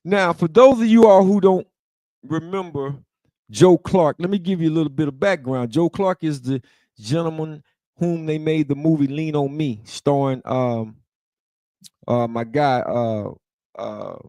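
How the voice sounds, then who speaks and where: A man's voice: a little high, a little slow, warm tone, dry recording, clean studio sound. A man hosting a talk show, giving a monologue in a preachy style, with rhetorical questions and emphatic repeats. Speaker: show host. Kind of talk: casual commentary monologue.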